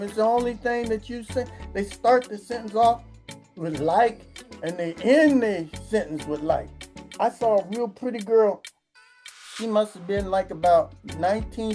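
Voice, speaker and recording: Woman, vlogger, profane comedic rant, crude swearing, mellow timbre. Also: mid-range voice. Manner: crude, swearing, acts out quoted voices.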